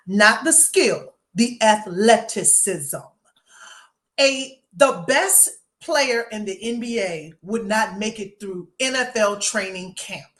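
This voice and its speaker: A woman co-hosting a sports podcast, talking in an animated, emphatic, mocking way. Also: medium pitch. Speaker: podcast co-host. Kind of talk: casual sports chat.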